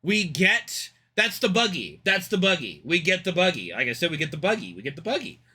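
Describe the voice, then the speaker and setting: A young man streaming live, rambling excitedly and cursing as he reacts to a game trailer. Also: high-pitched, fairly quick, a little hiss or hum. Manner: excitable, rambling, swears freely. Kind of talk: casual live-stream commentary.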